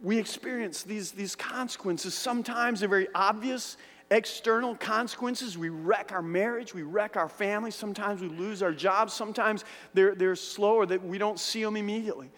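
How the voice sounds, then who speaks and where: A man's voice: sits high, moderate pace, fairly bright tone. A man preaching a sermon, earnest and repetitive, sometimes acting out other people's words. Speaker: pastor. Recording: long hall reverb.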